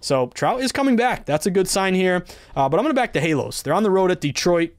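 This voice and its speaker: A man's voice: high voice, very animated, quick pace, dry recording. A man in his thirties hosting a casual sports betting podcast, chatty and enthusiastic as he rattles off odds and stats. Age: 30s. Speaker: podcast host, betting analyst.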